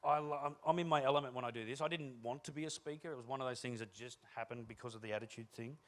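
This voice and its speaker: A man's voice: mid-range voice, racing, a bit bright. A man giving a humorous keynote talk on stage, telling self-deprecating anecdotes and acting out the dialogue. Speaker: keynote speaker.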